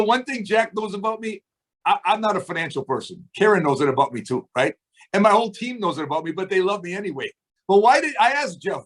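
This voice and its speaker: A man's voice: high-pitched, a bit bright. A man coaching his team on a video call in an emphatic motivational style, asking rhetorical questions and acting out phone calls. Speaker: business trainer on a team call.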